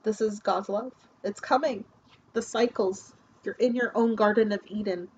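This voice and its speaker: A woman, a shaman and tarot card reader, gives an effusive, chatty spiritual tarot reading, calling viewers "you guys" and "my loves" and tagging lines with "okay?". Her voice is mid-range and darkish, with fairly even intonation and normal speed. The recording is muffled and lo-fi with faint hiss.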